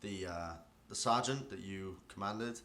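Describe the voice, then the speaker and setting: A man runs a tabletop roleplaying game as dungeon master, narrating the scene in a fairly low voice. His tone is bright and forward, and he talks it through with loose fillers as he goes. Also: unhurried, a little hiss or hum. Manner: descriptive, hesitant fillers while narrating.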